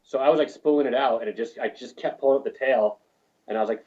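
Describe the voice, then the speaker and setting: A man's voice: mid-range voice, fast, warm tone, highs cut off. A man from New Mexico who works on film crews, telling profane, rambling anecdotes in a casual interview. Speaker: film crew lighting technician, guest.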